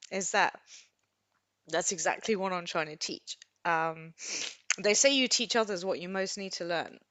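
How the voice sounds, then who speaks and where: A woman hosting a live stream, talking in an unscripted, rambling and expressive way while close to tears. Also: on the low side, unhurried, dry recording, dull audio. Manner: rambling, expressive, self-deprecating. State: tearful, emotional.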